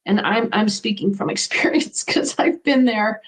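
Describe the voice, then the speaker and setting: A woman's voice: medium pitch, normal speed, poor audio. A middle-aged woman being interviewed as a guest, talking in an earnest, reflective way about what she has lived through. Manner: earnest, reflective, speaks from personal experience. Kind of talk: conversational interview.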